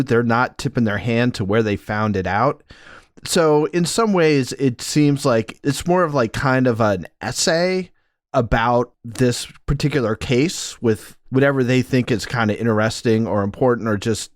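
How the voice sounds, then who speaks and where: A man's voice: mid-range voice, dry recording, clean studio sound. A man co-hosting a podcast, thinking aloud in a rambling, reflective way. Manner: thoughtful, rambling, many "like"s. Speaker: podcast co-host. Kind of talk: casual review chat.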